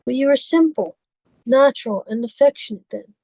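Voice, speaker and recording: An earnest male painter pleading with a friend, read by a woman, in a fairly high, mellow voice. The recording is dry and close, with no room sound. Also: lively intonation, normal speed, no echo, poor audio. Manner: pleading, reproachful reading aloud. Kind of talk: amateur read-aloud of a novel.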